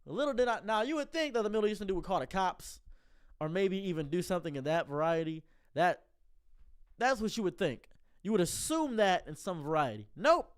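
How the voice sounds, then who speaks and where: Speaking a little fast with a clean tone, a man tells a comedic story deadpan. He repeats words when starting sentences and voices the other characters lower and quieter.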